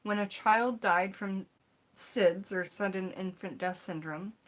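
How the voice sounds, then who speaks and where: A woman's voice: medium pitch, slow. A young woman in casual vlog chat, reading folk magic lore from a book and rambling off into chatty asides. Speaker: witchcraft vlogger.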